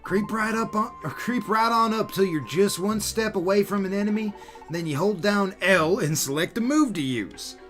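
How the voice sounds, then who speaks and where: A man's voice: sits high, normal speed, a bit bright, faint music behind, pitched above the performer's own voice. A man voicing a helpful, folksy male Nuzleaf with an American Southern accent, reading the game dialogue aloud. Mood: folksy advice. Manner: folksy, drawling, exclamatory.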